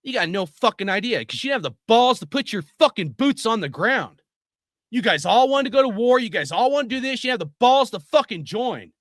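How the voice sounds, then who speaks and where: A man's voice: very high voice, sing-song, a little fast, a bit bright, no room sound, studio quality. A middle-aged man ranting angrily and swearing constantly in a profane opinion talk. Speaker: video host.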